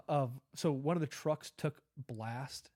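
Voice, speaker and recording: A man's voice: mid-range voice, slow, a little mellow, dry recording. Rambling, dry-voiced man telling war stories. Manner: rambling, many fillers and restarts, acts out quoted dialogue. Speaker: podcast guest, Army veteran. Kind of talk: casual storytelling interview.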